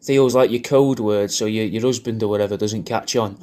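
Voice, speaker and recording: Rambling bloke with crude jokes. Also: male voice, lowish voice, steady tone, normal speed, dark tone, a little hiss or hum. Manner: rambling, crude, jokey, repeats himself. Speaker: comedian recording a personalised video message. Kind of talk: rambling crude birthday shout-out.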